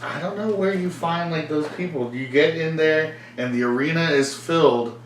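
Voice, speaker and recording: Recorded from far off in an echoey room with faint noise, a young podcast host rambles through casual chat, laughing a lot and doing the voices of people in his stories. His voice is on the high side at a moderate pace.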